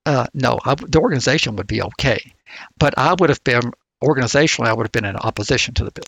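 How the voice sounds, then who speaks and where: A man's voice: medium pitch, quick pace, creaky, a bit bright, no room sound. A man co-hosting a podcast in casual chat, with a snarky manner. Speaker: podcast co-host.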